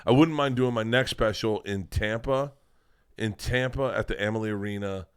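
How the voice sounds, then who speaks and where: A man's voice: fairly low pitch, moderate pace, clear, resonant tone. A man, a guest comedian, chatting casually on a podcast, rambling and swearing as he lays out plans. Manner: loose, profane, rambling storytelling.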